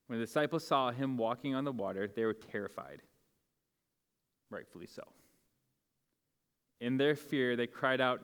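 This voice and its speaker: A pastor preaches in a church sanctuary, and the recording carries long hall reverb. His medium-pitched voice is smooth and a bit bright, at normal speed with long pauses, and his delivery is casual and conversational, full of fillers and restarts.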